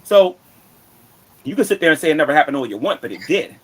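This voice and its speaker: A man's voice: on the high side, sing-song, fast, husky. A man ranting boastfully and taunting his critics, repeating himself. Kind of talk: boastful rant.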